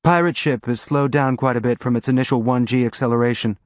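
A man doing a dry, brisk woman engineer. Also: mid-range voice, fairly even intonation, no room sound, lightly acted. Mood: matter-of-fact. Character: wry, competent woman ship engineer.

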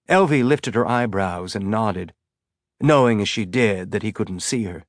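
A man reading an audiobook narration in a steady, even voice. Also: on the low side, unhurried, no room sound, studio quality.

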